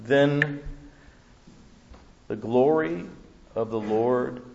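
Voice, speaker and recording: A man preaching a sermon as pastor, telling the story with animated humor. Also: mid-range voice, drawn-out words, creaky. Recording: dull lo-fi recording.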